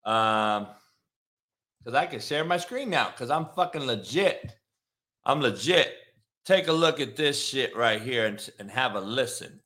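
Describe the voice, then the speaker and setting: A man's voice: mid-range voice, measured pace. A man hosting a sports talk show, brash and profane, ranting about the news. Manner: brash, swearing, animated.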